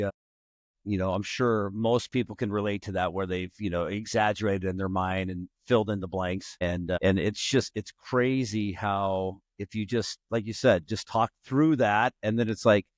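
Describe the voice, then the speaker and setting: A man hosting a podcast interview. He chats in an agreeable, relaxed way, often affirming his guest and sharing his own experiences. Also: lowish voice, moderate pace, dry recording, studio quality. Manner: agreeable, relaxed, with frequent affirmations and small restarts. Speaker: podcast host.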